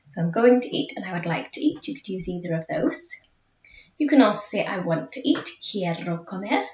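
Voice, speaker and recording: A woman's voice: medium pitch, darkish tone. Distant echoey woman teaching. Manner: patient, explains step by step, often checks with okay. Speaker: school Spanish teacher. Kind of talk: recorded video lesson. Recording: echoey, distant, dull classroom recording.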